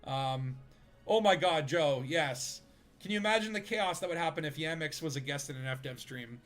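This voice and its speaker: A man's voice: fairly high pitch, normal speed, fairly bright tone, soft background music. A man streaming a video game, chatting casually with friends, rambling with fillers and laughing easily. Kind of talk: casual gaming chat.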